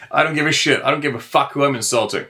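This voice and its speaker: A man's voice: medium pitch, bright, forceful tone. A middle-aged man hosting his own show, ranting in a heated, profane monologue. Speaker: host. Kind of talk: angry monologue.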